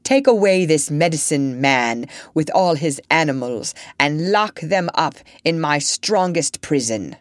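A woman's voice: low voice, lively intonation, a little slow, hardly any pauses, no echo, studio quality. Woman doing a stern proud king. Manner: stern and commanding.

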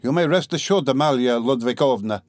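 A man reading an audiobook voices a proud, desperate woman with a raised voice and rapid, pleading delivery. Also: mid-range voice, lively intonation, darkish tone, no room sound, lightly acted.

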